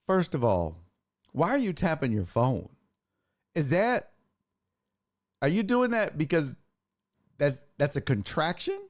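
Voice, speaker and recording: A man hosting a podcast, telling a comedic story in a profane, animated way and acting out what he said. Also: on the high side, takes it slowly, pauses often. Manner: profane, animated, acts out his own quotes. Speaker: podcast host.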